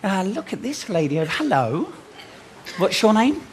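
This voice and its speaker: A man doing a magic act on a theatre stage, bantering cheekily and loudly with the audience. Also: high-pitched, very animated, a little slow. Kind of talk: comic stage patter with audience. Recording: live theatre with loud crowd and noise.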